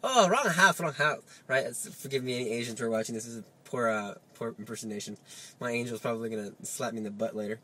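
A man giving a lively Catholic teaching talk, full of rhetorical questions and coaxing asides. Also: mid-range voice, very fast. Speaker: Catholic speaker. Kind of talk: spoken religious teaching.

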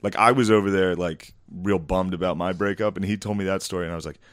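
A deep-voiced man talks bluntly in casual chat. He sounds laid-back and swears often. The sound is dry, with no room echo. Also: steady tone, quick pace. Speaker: comedian guest.

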